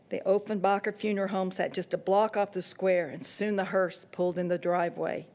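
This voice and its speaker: Woman, author, reading her own novel, expressive steady storytelling. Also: medium pitch, fairly quick, hardly any pauses.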